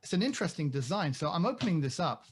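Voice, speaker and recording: A man's voice: fairly high pitch, sing-song, fast, husky, faint music behind. A man co-hosting a podcast in casual chat, rambling and joking at his own expense. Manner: rambling, jokey, self-deprecating. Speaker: podcast co-host.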